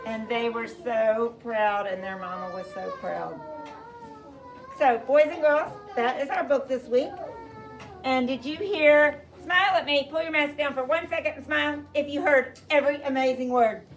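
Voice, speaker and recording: High-voiced teacher reading to her class. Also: moderate pace. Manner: animated, asks the children questions. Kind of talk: reading a picture book aloud to a class. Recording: distant mic, faint noise.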